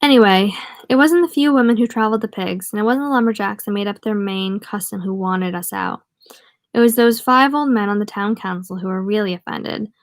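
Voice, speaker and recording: A woman's voice: mid-range voice, a little fast, no room sound. A woman reads a novel aloud in a plain, casual way, her voice in the middle of the usual range for a woman. She stops now and then to add wry remarks of her own. The sound is dry and close, with no room around it. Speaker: audiobook reader. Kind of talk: casual read-aloud with asides.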